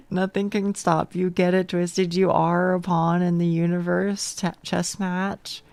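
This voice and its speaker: A woman's voice: on the low side, flat delivery, takes it slowly, darkish tone, no echo. A young woman streaming a game from home on a close mic, chatting casually with chat, self-deprecating, stammering and swearing.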